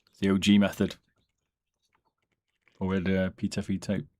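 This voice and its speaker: A man with a deep, low voice talks through a casual live stream at home. He sounds relaxed and rambling, drifting between topics as he answers chat. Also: normal speed. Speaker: streamer and mouse modder.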